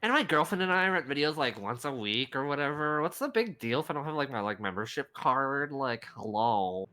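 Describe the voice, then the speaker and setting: A man's voice: mid-range voice, animated, brisk, pushed and bright. A man voicing a ditzy young valley girl customer who fills every phrase with "like". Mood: whiny. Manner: airy, full of "like" fillers.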